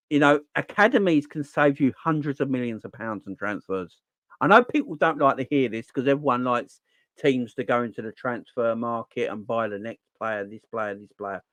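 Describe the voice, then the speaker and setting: A man hosting a casual football live stream, animated and slangy, answering the chat as he goes. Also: medium pitch, no echo. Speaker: football channel host.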